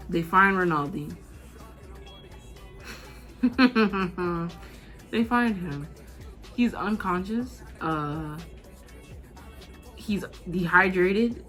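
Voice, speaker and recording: A 19-year-old woman vlogger telling a casual, slangy storytime, animated and laughing as she goes. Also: on the low side, very slow, long pauses, faint music behind.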